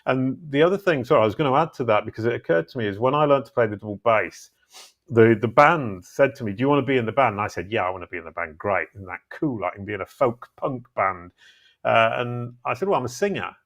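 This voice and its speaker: A middle-aged man chatting as a guest, telling stories in a relaxed, self-deprecating way. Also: medium pitch, fairly quick. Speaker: podcast guest. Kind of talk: casual conversation.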